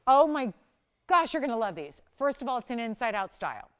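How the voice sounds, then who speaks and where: A woman hosting a live TV shopping show, pitching jewelry with eager, urgent persuasion. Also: very animated, a little fast, fairly bright tone, smooth. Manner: enthusiastic, persuasive, urgent selling. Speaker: TV shopping host. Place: TV studio.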